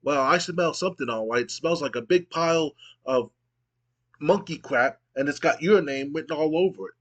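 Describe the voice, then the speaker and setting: A brash, trash-talking wrestler voiced by a man barks cocky threats, pitched a touch above his usual voice. The delivery is loud and swaggering, like a wrestling promo impression. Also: moderate pace, muffled recording, close to an everyday voice. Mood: mocking. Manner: cocky, shouting insults and threats.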